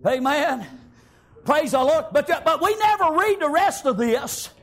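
A man with a very high voice delivers a fervent revival sermon a little slowly. He frequently shouts, breaking it up with cries of "amen" and "praise God."

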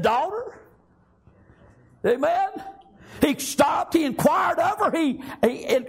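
A fervent preacher delivers his sermon in a strikingly high, husky voice. His pitch leaps up and down as he works through his message. He punctuates nearly every line with amens and praise Gods. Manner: fervent, repeats amen and praise God often.

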